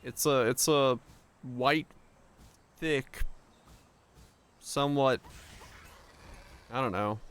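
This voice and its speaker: Gravelly man rambling over a game stream. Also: mid-range voice, very slow, long pauses, fairly bright tone. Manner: rambling, joking, laughs often. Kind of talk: casual gameplay chat.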